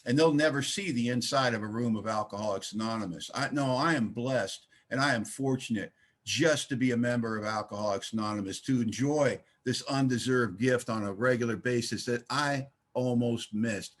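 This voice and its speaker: A man's voice: mid-range voice, moderate pace, fairly bright tone. A man giving an emphatic, folksy share at a recovery meeting, telling his story with blunt humor over a video call. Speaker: speaker sharing recovery story.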